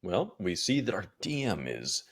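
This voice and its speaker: A man's voice: deep voice, very animated, moderate pace, gravelly. A man playing a tabletop game over a video call, joking and teasing his friends. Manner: jokey, teasing, laughs often. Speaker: player. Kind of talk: casual chat during an online tabletop game.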